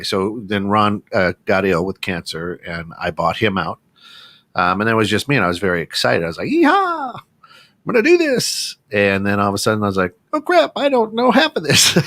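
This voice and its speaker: A man's voice: lowish voice, sharp tone, dry recording. A man hosting a casual radio talk show, telling a long story in a loose, rambling way with many restarts. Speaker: radio station owner and co-host. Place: small radio studio.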